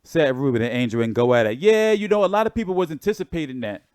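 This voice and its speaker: A man's voice: fairly high pitch, expressive, fast, a little mellow, clear, resonant tone, no room sound, clean studio sound. A man hosting a boxing channel, talking in a rambling, laid-back way with lots of fillers. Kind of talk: casual livestream commentary.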